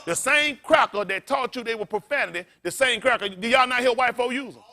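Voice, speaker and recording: A man's voice: very high voice, a little fast. A man preaching a sermon as pastor, blunt and profane, drawing answers from the congregation and often laughing. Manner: loud call-and-response preaching, blunt and profane.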